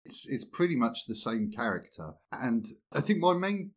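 A man's voice: mid-range voice, very animated, moderate pace. A man co-hosting a podcast, speaking hesitantly with frequent restarts. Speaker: podcast co-host. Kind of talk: casual podcast discussion.

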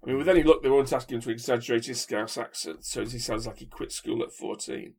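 Husky-voiced man, wry and opinionated. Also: mid-range voice, darkish tone. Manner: opinionated, wry, thinks aloud with pauses. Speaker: podcast co-host. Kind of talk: casual chat.

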